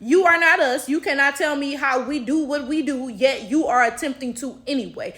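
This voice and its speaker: This woman's high, sharp voice moves at a moderate pace with lively intonation and hardly any pauses. An American commentary vlogger with an African American English accent, she gives blunt, exasperated opinions and swears freely.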